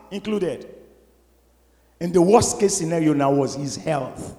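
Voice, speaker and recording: High-voiced male pastor preaching emphatically, with a long hall reverb. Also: lively intonation, unhurried, long pauses. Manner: emphatic preaching with sudden shouts and laughs. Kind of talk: sermon. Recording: echoey hall.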